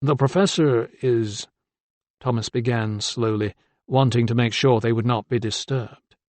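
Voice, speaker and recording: A man narrating an audiobook with steady, deliberate storytelling. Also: mid-range voice, dry recording. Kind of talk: scripted narration.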